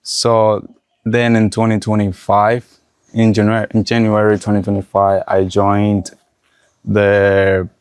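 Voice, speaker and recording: A young man from Nicaragua speaking English with a Nicaraguan Spanish accent, a native Spanish speaker telling his story in a casual interview with halting restarts. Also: fairly low pitch, completely flat delivery, clean tone, no room sound, clean studio sound. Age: young adult. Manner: halting, restarts often while recalling.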